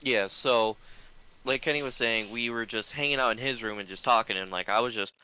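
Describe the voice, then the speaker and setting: A young man who is a podcast guest, telling a story in animated casual talk and swearing freely. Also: medium pitch, fairly quick, clean tone, low-quality recording.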